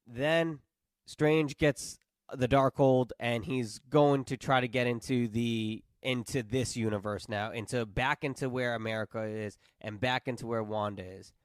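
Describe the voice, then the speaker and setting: A man guesting on a podcast as a film critic, relaxed as he recaps the plot in casual chat. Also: mid-range voice, unhurried, clear, resonant tone, no echo, clean studio sound.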